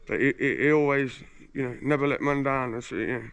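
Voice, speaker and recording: A man's voice: medium pitch, fairly quick, gravelly, few pauses, a bit bright, clear, resonant tone. A man from England telling boastful stories in a casual, slangy street interview, swearing freely while standing outdoors on a residential street.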